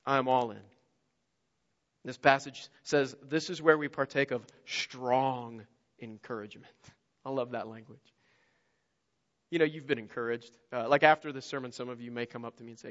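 A man preaching a sermon as a pastor, swinging between quiet, intimate asides and loud, emphatic lines, acting out the voices in his stories. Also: mid-range voice, fairly even intonation, normal speed, big-room sound, dull audio. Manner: acts out quoted voices in story-telling.

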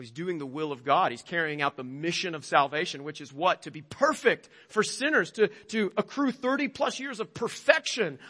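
A man's voice: sits high, sharp tone, long reverb tail. A male pastor preaching a sermon emphatically, with rhetorical questions.

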